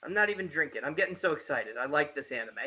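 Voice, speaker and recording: Excitable anime recap podcaster. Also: medium pitch, fast talker. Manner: animated, laughs often, acts out quoted lines. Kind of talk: casual excited recap chat.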